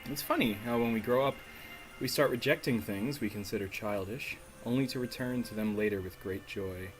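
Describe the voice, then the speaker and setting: A man's voice: fairly low pitch, moderate pace, pitched below the performer's own voice, close to an everyday voice, rough recording. A man reading the lines of an earnest young woman heroine aloud in a game, in his own voice. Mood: wistful. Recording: faint music underneath.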